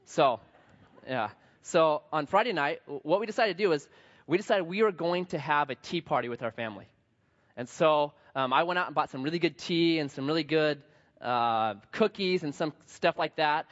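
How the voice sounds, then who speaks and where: Pastor preaching with playful stories. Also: male voice, a little high, moderate pace, fairly bright tone. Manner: storytelling, playful asides, acts out quotes. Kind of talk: sermon. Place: church sanctuary. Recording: dull long hall reverb.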